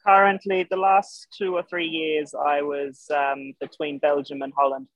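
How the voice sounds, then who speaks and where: A young Australian man with an Irish-tinged accent, a showjumping guest chatting casually, halting with many fillers and restarts. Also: on the high side, level tone, no echo. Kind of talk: casual interview chat. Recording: dull lo-fi podcast sound.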